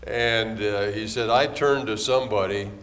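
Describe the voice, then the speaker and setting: A man's voice: on the low side, moderate pace, fairly bright tone, in a large hall. An older man interviewing a veteran for an oral history, reacting with eager exclamations and retelling stories.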